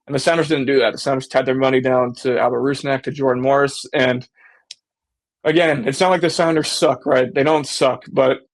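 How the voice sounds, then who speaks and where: A man's voice: medium pitch, fairly even intonation, fairly quick. A man hosting a casual sports fan show, talking animatedly and slipping into mock voices when he quotes people. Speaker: sports podcast host.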